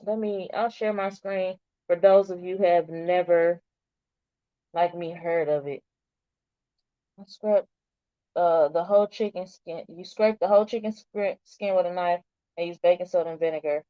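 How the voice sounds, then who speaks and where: A woman's voice: fairly low pitch, moderate pace, clear, resonant tone, no echo. A middle-aged woman chatting casually with viewers on a livestream and answering their comments. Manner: chatty, animated, talks back to viewers' comments. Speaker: livestream host. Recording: dull, slightly lo-fi stream audio.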